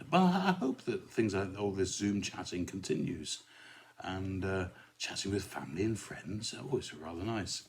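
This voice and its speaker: A man's voice: lowish voice, a little mellow, a little hiss or hum. A male rector hosting his own podcast, reciting a comic poem and chatting in a rambling, easygoing way with many asides. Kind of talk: casual solo chat and poem recitation.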